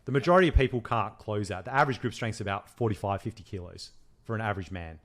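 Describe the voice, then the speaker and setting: A young man co-hosting a podcast, chatting casually and bluntly, swearing freely and telling stories in an animated way while teasing his co-host. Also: fairly low pitch, fast talker. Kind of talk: casual chat.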